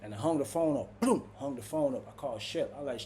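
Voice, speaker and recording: A man casually telling a story to camera, slangy and animated, peppering his lines with "bro" and acting out what others said. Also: medium pitch, quick pace, slight background noise. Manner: slangy, punctuates lines with "bro" and acts out quotes. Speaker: storyteller recounting prison life.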